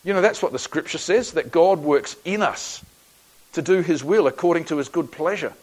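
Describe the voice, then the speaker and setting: A man's voice: on the high side, normal speed, a little mellow, breathy edge, poor audio. An Australian man preaching a sermon, telling a personal story in a conversational, folksy way with frequent restarts.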